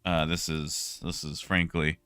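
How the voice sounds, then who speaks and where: A young man casually chatting with his stream viewers, relaxed and talkative, greeting people by name. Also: extremely low pitch, measured pace, clear, resonant tone, no room sound, studio quality, faint music behind. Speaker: livestreamer.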